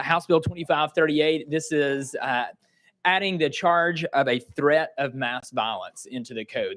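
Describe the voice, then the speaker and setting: A man, a state representative, presents his bill to a committee in a polite, plainspoken and brisk way, with small stumbles and restarts, in a hearing room. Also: on the high side, a bit bright. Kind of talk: formal committee testimony.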